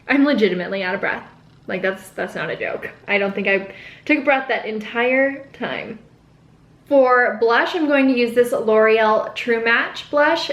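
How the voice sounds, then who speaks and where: Young woman rambling about her makeup, bubbly and chatty, highish voice, room echo. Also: a bit bright. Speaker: beauty vlogger. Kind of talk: casual get-ready-with-me chat. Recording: echoey room.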